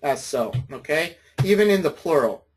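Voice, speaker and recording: A man's voice: fairly high pitch, expressive, normal speed, slight background noise. A man lecturing a college class, patient and friendly, often checking in with his students.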